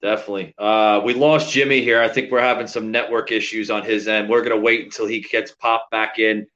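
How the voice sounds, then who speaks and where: A man's voice: fairly low pitch, flat delivery, a little fast, pushed and bright. A man co-hosting a podcast over a remote call, talking in an emphatic, profane way with lots of fillers. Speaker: podcast co-host. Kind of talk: casual heated chat. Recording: dull lo-fi sound.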